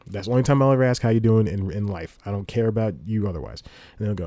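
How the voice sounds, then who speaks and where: A man's voice: on the low side, expressive, racing, warm tone, no room sound. A man hosting a podcast in a rambling, casual monologue, laughing between phrases, speaking into a studio microphone. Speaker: podcast host. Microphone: studio microphone with headphones.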